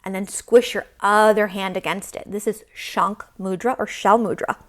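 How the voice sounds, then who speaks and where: A woman teaching a yoga class to young children, gentle and encouraging as she leads the poses. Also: medium pitch, steady tone, moderate pace.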